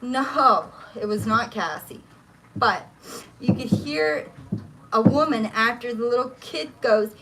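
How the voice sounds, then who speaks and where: A woman's voice: fairly high pitch, unhurried, a bit bright, slight background noise. A woman talking on a phone livestream from her home kitchen, swearing often and ranting in a heated, agitated way. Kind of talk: casual livestream chat.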